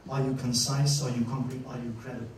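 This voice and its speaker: A man giving a master-class lecture to students, an animated storyteller who acts out scenes and laughs often. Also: mid-range voice, quick pace, slight background noise. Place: university lecture room. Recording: echoey hall, distant mic.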